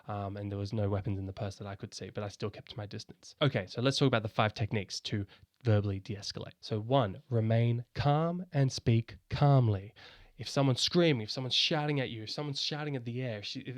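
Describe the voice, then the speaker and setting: A man's voice: on the low side, no echo. A man giving a casual, conversational explainer on handling someone in crisis, often restarting and repeating words. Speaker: educator explaining psychosis first aid.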